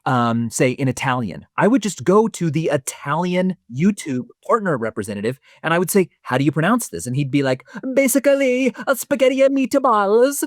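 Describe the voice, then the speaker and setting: Male co-host, eager and playful in casual chat, very animated intonation. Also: a little high, a little fast, few pauses, no room sound, studio quality. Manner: enthusiastic, jokey, reads out listener questions. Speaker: podcast co-host.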